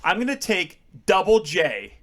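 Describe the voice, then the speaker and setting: A man's voice: high-pitched, very animated, a little slow, crowd noise. A man co-hosting a podcast, boasting and joking, laughing as he talks in casual chat. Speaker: podcast co-host.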